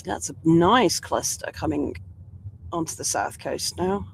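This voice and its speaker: A woman's voice: low-pitched, unhurried, vocal fry, rough recording. Chatty woman driving, road hum. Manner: chatty, laughs often, talks to viewers. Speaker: storm chaser streaming live. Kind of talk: casual live driving commentary. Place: inside a moving car. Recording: faint road noise from the car.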